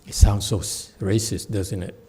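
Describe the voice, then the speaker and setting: A man's voice: fairly low pitch, moderate pace, husky. A man giving a Buddhist dharma talk as a meditation teacher, telling a story with laughs and acted voices. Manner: animated storyteller, laughs often, acts out the voices.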